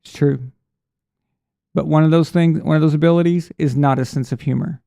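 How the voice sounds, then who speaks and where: A man's voice: on the high side, steady tone, moderate pace, vocal fry, warm tone. A middle-aged man hosting a live sports stream, chatting casually and telling rambling stories, acting out voices when he quotes people. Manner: casual, rambling storyteller with restarts; acts out voices in quoted speech. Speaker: sports show host. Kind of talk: live stream chat reading super chats.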